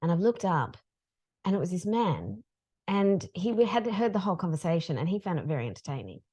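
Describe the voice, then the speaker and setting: A middle-aged woman, a podcast guest telling a story in a casual, animated way. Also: on the low side, fairly quick, breathy edge. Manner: animated, acts out dialogue in her stories.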